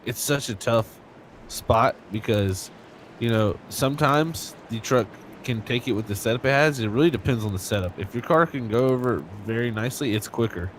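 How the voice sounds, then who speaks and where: A man's voice: medium pitch, moderate pace, slight background noise. A young man commentating a sim race live, chatty and joking, with lots of fillers. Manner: casual, joking, filler-heavy.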